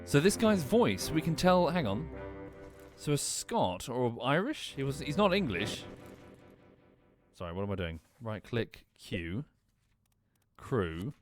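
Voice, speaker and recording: A man gives casual commentary on his game stream, thinking aloud with a lively, swinging voice. He keeps apologizing and correcting himself, while faint game music plays underneath. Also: mid-range voice, takes it slowly.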